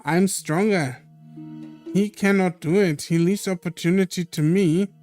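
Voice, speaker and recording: A streamer voicing a terse male clouded leopard spirit who speaks in broken, halting phrases, a little higher than their own voice. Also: fairly even intonation, darkish tone, soft background music, close to an everyday voice. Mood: blunt.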